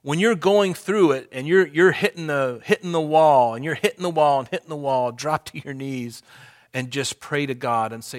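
A man preaching a sermon in an earnest, conversational way, slowing and lifting his voice when reading scripture aloud. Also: medium pitch. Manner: conversational asides to the congregation. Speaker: pastor.

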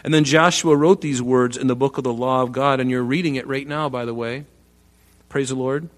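A male preacher delivers a sermon with lively energy. He drops to quiet asides, then rises sharply as he acts out the people in the story. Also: medium pitch, brisk. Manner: animated, acts out quoted voices with loud rising bursts.

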